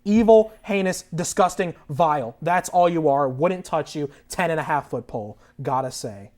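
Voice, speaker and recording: A man's voice: on the high side, normal speed. A young man as a guest on a mock talk show, ranting theatrically and indignantly for comic effect. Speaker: guest enthusiast.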